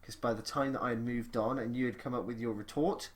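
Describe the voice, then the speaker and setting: A man co-hosting a casual wrestling chat, quick and joking with plenty of swearing. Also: medium pitch, fairly even intonation. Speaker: podcast co-host.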